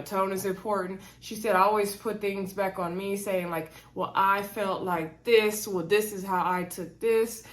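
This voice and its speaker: A woman giving a casual, chatty recap of a reality show, colloquial and conversational, adding little asides to her listeners. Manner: retells scenes, mimicking cast members in higher pitch; chatty, colloquial, sprinkles "okay?" and "girl".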